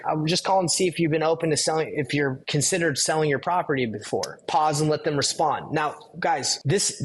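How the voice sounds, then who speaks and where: Guy teaching cold calling, kinda high voice, a bit husky, chatty, acts out the calls. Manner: conversational, acts out both sides of calls. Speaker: real estate wholesaling coach. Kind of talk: casual teaching walkthrough of a cold-call script.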